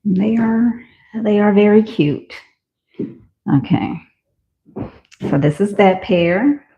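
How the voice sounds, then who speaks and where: A woman's voice: medium pitch, takes it slowly. A woman vlogger talking casually and enthusiastically to viewers while she tries on and sells shoes. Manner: chatty and enthusiastic, talks to viewers. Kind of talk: casual shop-with-me commentary. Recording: roomy, slightly dull home recording.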